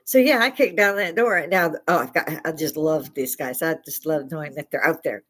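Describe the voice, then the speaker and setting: A woman's voice: low voice, normal speed, a bit bright. An older woman from Chicago hosting a live stream, telling rambling stories into a lapel mic and often laughing mid-sentence. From Chicago, USA. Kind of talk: casual storytelling chat.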